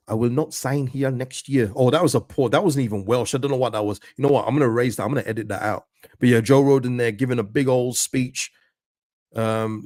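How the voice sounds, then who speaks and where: Excitable man hosting a live football watchalong. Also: on the low side, dry recording, studio quality. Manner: excitable, pleading, chatty with viewers; reads out and answers chat messages. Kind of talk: live reactive football commentary chat.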